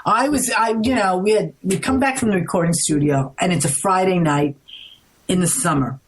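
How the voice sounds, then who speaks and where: A middle-aged woman from the United States, a guest in an interview, telling a story in an animated, rambling way, restarting often. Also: on the low side, normal speed, husky, low-quality recording. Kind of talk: casual storytelling.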